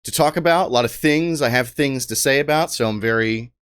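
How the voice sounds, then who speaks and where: A man's voice: mid-range voice, a little fast, fairly bright tone, clear, resonant tone. A man co-hosting a podcast in casual chat, trading dry quips. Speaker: podcast co-host.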